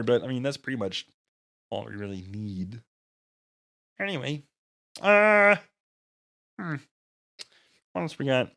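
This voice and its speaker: Brief: male streamer, casual and rambling, mid-pitched, hesitant with lots of ums. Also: takes it slowly, creaky, pauses often, sharp tone. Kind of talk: casual live stream chat.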